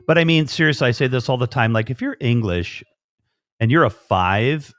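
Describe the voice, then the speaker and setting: A man's voice: mid-range voice, animated, normal speed, a bit bright, dry recording. Rambling flirty American man. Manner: playful, flirty, rambling with many fillers. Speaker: livestream host. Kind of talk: casual livestream chat.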